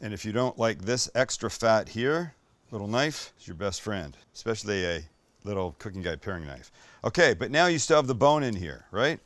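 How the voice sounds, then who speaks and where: A man's voice: lowish voice, expressive, moderate pace, a bit bright, no room sound. A man hosting a cooking show, talking viewers through each step in an irreverent, joking way with the odd swear word. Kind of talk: casual cooking demonstration.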